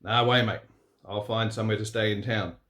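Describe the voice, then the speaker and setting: A man's voice: fairly low pitch, fairly even intonation, fairly quick, fairly bright tone, natural voice. A man voicing a brash young male truck driver, cocky and swearing. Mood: brushing off. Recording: roomy echo.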